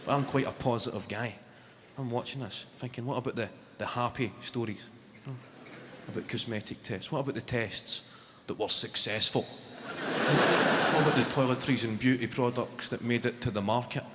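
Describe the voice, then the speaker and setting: A man's voice: mid-range voice, normal speed, a little hiss or hum. Scottish male comic in his twenties, dry storytelling, live in a big echoing theatre. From Scotland. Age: 20s. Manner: wry storytelling with dry asides. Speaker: stand-up comedian. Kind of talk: stand-up comedy. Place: theatre stage. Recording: large hall with loud crowd ambience. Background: audience laughter.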